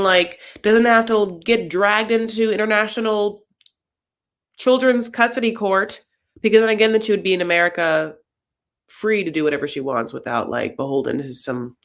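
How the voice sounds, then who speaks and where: A woman's voice: mid-range voice, fairly bright tone. A woman giving casual, sarcastic commentary on a reality show, rambling with lots of fillers.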